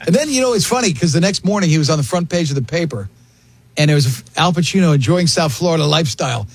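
A man's voice: on the high side, animated, quick pace, slightly rough. A man hosting a casual chat, eagerly telling a story.

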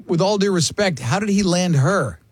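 Husky high-voiced man hosting a radio show. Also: animated, normal speed, dry recording. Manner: reads listener comments aloud, laughing often. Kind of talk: casual studio banter.

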